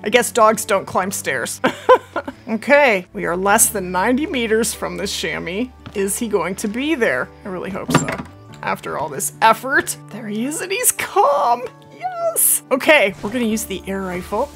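A woman hosting her own gaming channel, chatting and reacting out loud as she plays a hunting game. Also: medium pitch, moderate pace, over music. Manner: chatty, excitable, talks to herself while playing. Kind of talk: casual gameplay commentary.

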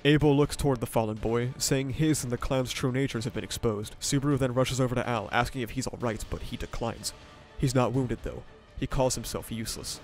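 A man reads a scripted story summary at a steady, even pace, mixing retelling with short comments. His voice sits in a middle pitch, and quiet music plays under it. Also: fairly quick. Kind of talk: scripted narration.

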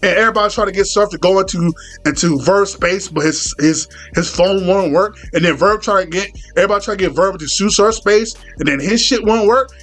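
High-voiced man telling a profane, rambling story. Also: a little fast, a bit bright, soft background music. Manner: profane, rambling, full of restarts and quoted dialogue. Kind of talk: comedic storytelling commentary.

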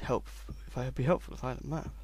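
A young man giving sarcastic gameplay commentary and shouting insults at the game. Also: medium pitch, fairly even intonation, racing, a little hiss or hum. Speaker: let's play host.

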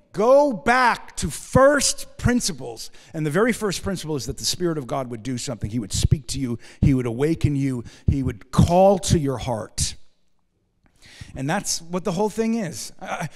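High-voiced preaching man, echoing church. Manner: emphatic preaching, swinging between loud rising stresses and quiet low asides; adds wry humorous asides. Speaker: pastor. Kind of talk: sermon. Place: church sanctuary. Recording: long hall reverb in a church.

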